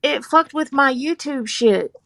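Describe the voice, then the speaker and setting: A woman's voice: high voice, expressive, a little slow, a bit bright. A woman chatting casually and profanely on a live stream, rambling and laughing.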